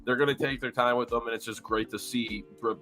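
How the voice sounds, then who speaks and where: A man co-hosting a podcast, giving animated fan opinions in casual chat. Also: medium pitch, quick pace, soft background music. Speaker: podcast co-host.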